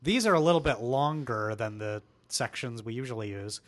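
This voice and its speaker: A man's voice: medium pitch, expressive, moderate pace. A man co-hosting a podcast, eagerly introducing a game segment with frequent laughs. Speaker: podcast co-host. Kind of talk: casual podcast chat.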